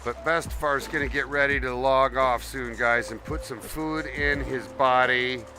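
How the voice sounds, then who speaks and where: A man streaming a game from home, chatting easily with his audience and calling himself by his own name. His tone is friendly and affectionate, with steady mid-range pitch. Music plays clearly behind his voice. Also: measured pace. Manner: refers to himself in third person; affectionate toward viewers. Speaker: live streamer. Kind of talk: casual game-stream chat. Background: background music.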